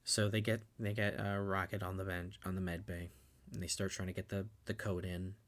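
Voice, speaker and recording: A man's voice: low-pitched, little pitch movement, fairly quick. A young man co-hosting a podcast, retelling a film scene in casual chat, swearing freely and getting emotional. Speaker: podcast co-host. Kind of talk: casual movie recap chat.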